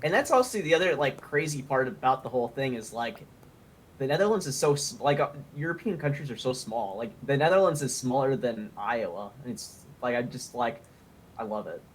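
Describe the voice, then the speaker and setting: A man's voice: mid-range voice, lively intonation, a little fast, slight background noise. A man chatting casually on a stream, rambling and hesitant with many fillers. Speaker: stream guest. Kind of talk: casual chat.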